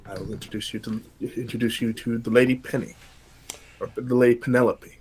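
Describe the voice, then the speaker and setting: A man's voice: mid-range voice, fairly even intonation, darkish tone, a little hiss or hum, close to an everyday voice, rough recording. A man voicing a formal courtly father introducing his daughter. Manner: slow, formal.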